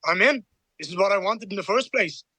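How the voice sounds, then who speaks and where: A man speaking in an interview, confident and eager. His voice is high and bright, with a dry, close sound. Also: lively intonation, a little fast, slightly rough, dry recording. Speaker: fighter interviewed.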